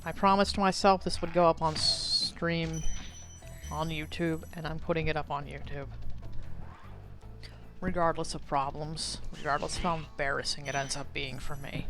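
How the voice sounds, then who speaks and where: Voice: medium pitch, steady tone, normal speed, over music. A streamer giving casual gameplay commentary, rambling, swearing and mocking themselves.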